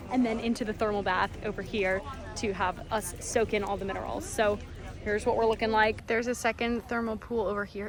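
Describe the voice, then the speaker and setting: A woman chatting excitedly as she films a travel vlog on a handheld camera while touring outdoors. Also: medium pitch. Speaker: travel vlogger. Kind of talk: casual travel vlog narration. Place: outdoors on a busy tropical island tour. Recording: clear crowd chatter behind.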